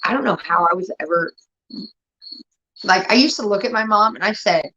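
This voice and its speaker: A woman's voice: mid-range voice, normal speed, long pauses. Woman in her 30s ranting about family, swears a lot, does the voices, muffled lo-fi sound. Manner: profane, animated, acts out family members. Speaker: streamer. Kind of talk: casual storytelling. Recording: dull lo-fi audio.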